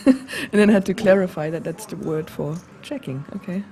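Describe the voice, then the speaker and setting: A woman's voice: lowish voice, expressive, moderate pace, darkish tone. Giggly German woman co-commentator. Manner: giggly, chatty banter. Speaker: poker co-commentator. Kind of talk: live poker commentary.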